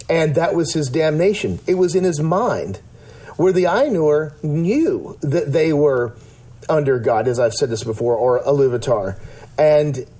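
A man's voice: fairly high pitch, mellow. A man in casual discussion, talking earnestly in a rambling way with many restarts and fillers.

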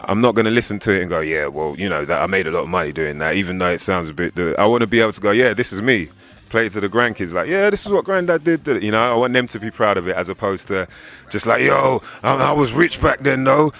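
A man in his thirties with an English accent, a rapper talking casually in an interview and acting out the voices of people he quotes. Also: lowish voice. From England. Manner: animated storyteller, acts out quoted voices.

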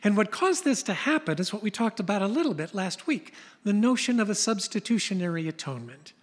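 An older man preaching a sermon, telling stories in an animated way and dropping to a whisper for emphasis. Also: sits high, brisk. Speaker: pastor. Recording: long reverb of a large hall.

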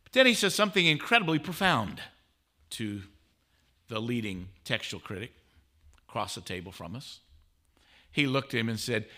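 A man speaking as a guest at a conference, telling a story in an animated way. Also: medium pitch, moderate pace. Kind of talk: conference talk. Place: conference stage.

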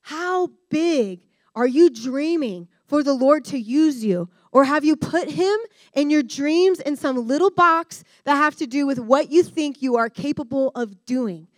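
High-voiced woman preaching with stories. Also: measured pace, dry recording. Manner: candid, animated storyteller who addresses the room directly. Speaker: guest speaker at a discipleship school. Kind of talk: personal-story sermon talk.

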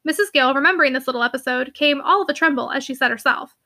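A woman narrates a classic novel for an audiobook in a fluent, steady storytelling manner. Her voice is high and bright, and she reads at a quick pace.

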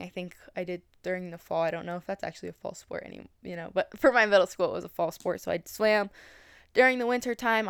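A woman's voice: fairly low pitch, gravelly, clear, resonant tone, no room sound, clean studio sound. A woman in her twenties hosting a solo podcast, talking casually and rambling with many fillers and restarts. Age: 20s. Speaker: podcast host.

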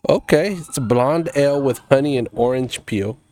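A young man, co-hosting a casual podcast, loud and full of crude jokes. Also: medium pitch, moderate pace, dry recording. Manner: animated, loud, crude joking. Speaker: podcast co-host. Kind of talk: casual chat over beers and cigars.

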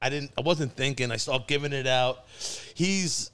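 A man telling a story in casual chat, animated and laughing often. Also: mid-range voice, moderate pace, clear, resonant tone.

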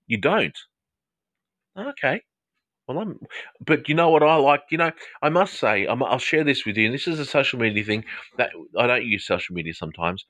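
A middle-aged psychotherapist with an English-Australian accent. He chats with live-stream viewers in a playful, rambling way, full of jokey asides. The recording is close and dry, with an ordinary male pitch. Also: fairly bright tone, dry recording. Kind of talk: live social media chat with viewers.

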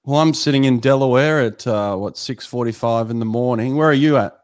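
A man, hosting a podcast and chatting relaxed and friendly with a longtime mate. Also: mid-range voice, brisk, no echo, clean studio sound. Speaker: podcast host. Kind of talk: casual interview chat. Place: home room in Delaware.

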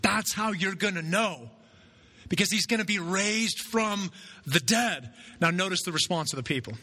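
A man preaching with a very bright, forceful voice pitched high for a man. His delivery is conversational, and he keeps checking in with the congregation with a quick "right?" as he makes his points. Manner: conversational, asks "right?" often. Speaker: pastor. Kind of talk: sermon.

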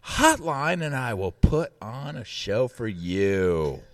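A man's voice: mid-range voice, very animated, slow, dry recording, recorded from a distance. A man putting on a cheesy radio DJ voice, announcing the station and hits. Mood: showy. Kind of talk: podcast chat.

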